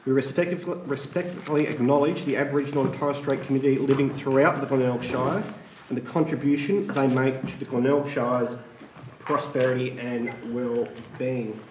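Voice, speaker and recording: An Australian man chairing a council meeting, speaking formally but haltingly with many fillers. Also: medium pitch, fairly even intonation, a little mellow, slight background noise. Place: council chamber. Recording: roomy, dull council chamber audio.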